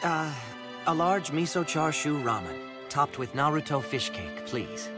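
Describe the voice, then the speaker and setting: A man's voice: on the high side, expressive, measured pace, music in the background. An actor playing a polite young man ordering food, talking mildly and with hesitation. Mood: content.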